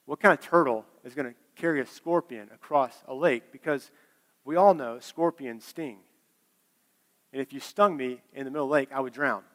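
A man's voice: mid-range voice, moderate pace, fairly bright tone, big-room sound, lightly acted. A man voicing a wary but trusting male turtle in a fable told during a sermon, sounding incredulous and pleading.

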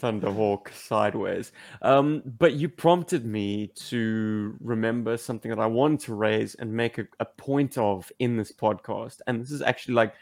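A man's voice: fairly low pitch, normal speed, hardly any pauses, no echo. A man co-hosting a podcast in casual chat, wry and earnest, laughing often. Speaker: podcast co-host.

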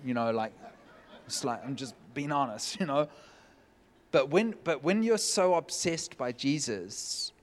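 Man telling a lively sermon story. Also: mid-range voice. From California. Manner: animated, jokey storytelling with laughs. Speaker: preacher.

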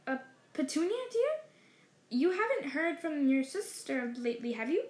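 A woman's voice: high voice, sing-song, moderate pace, a little mellow, soft background music. A woman voicing a nervous, fussy middle-aged man who mumbles and hesitates, read aloud in a storybook. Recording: roomy echo.

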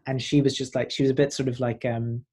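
Quick and breathy, with a medium-pitched voice, a young Northern Irish man tells stories. He is a performer in his twenties, a guest in a casual interview, and his storytelling is animated and rambling.

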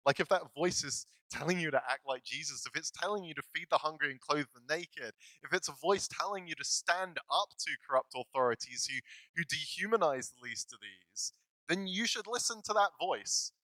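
A man's voice: a little high, lively intonation, moderate pace, sharp tone, no echo, poor audio. A male pastor giving a casual, self-deprecating sermon, laughing often as he talks. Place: church.

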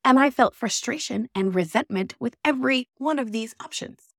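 Woman podcast host, middle-aged, a bit high-pitched, with emphatic and exasperated storytelling. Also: expressive, moderate pace, dry recording, studio quality. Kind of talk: personal monologue podcast.

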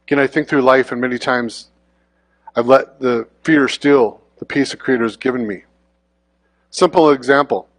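A man's voice: medium pitch, dry recording. A man giving a conversational sermon as a guest preacher, informal and often checking in with the congregation.

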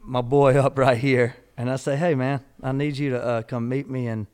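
A man's voice: mid-range voice, level tone, normal speed, darkish tone, smooth. A man, co-hosting a casual chat and telling an old story with quoted dialogue. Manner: easygoing and chuckling, with quoted dialogue. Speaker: podcast co-host.

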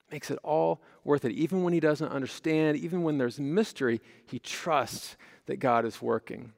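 A man preaching a conversational sermon, his voice gravelly with fry. The sound rings out with the long reverb of a large church hall. He asks the congregation questions and answers them himself. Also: fairly high pitch. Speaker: pastor.

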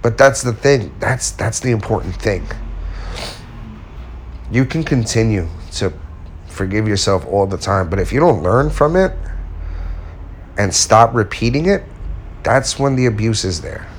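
A man's voice: on the low side, animated, a little slow, pauses often, slight background noise. A man speaking casually and candidly to his viewers, giving self-help advice and telling a personal story with acted-out quotes. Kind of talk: casual motivational talk to viewers.

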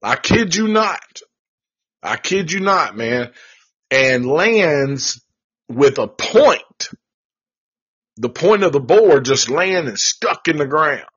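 A man hosting a podcast, telling a ghost story in a casual, profane and animated way. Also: fairly high pitch, slow, pauses often, slightly rough. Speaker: podcast host. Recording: dull lo-fi recording.

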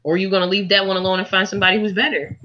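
A woman's voice: mid-range voice, level tone, very fast, highs cut off. A woman guest in a casual panel discussion, giving blunt and direct opinions. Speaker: podcast guest.

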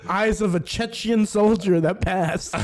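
A man's voice: high voice, takes it slowly. A man co-hosting a comedy podcast who rambles, swears freely and riffs jokes. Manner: rambling, profane, riffing jokes. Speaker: podcast co-host. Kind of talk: casual comedic chat.

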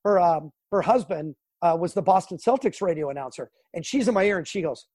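A middle-aged man from Southern California, a sports broadcaster telling animated stories in an interview. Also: sits high, brisk, no echo. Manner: animated storyteller, acts out quotes and sounds. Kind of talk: storytelling interview.

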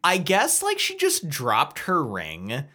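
A man's voice: a little high, wildly swooping pitch, takes it slowly, bright, forceful tone. A young man co-hosting a casual book podcast, talking hesitantly with many fillers and a wry tone. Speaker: podcast co-host.

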